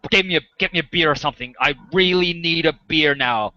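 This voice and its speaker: A man's voice: on the high side, a little fast, no room sound, lo-fi sound, voice pushed up, lightly acted. A man voicing a shaken male ship survivor who curses and begs for a drink. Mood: rattled. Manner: cursing, rattled.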